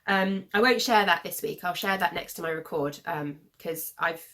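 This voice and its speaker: A woman in her thirties from the UK hosting a knitting podcast, rambling casually with lots of fillers and self-corrections, a little hoarse as she is losing her voice. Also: fairly low pitch, moderate pace, fairly bright tone. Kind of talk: casual show-and-tell chat.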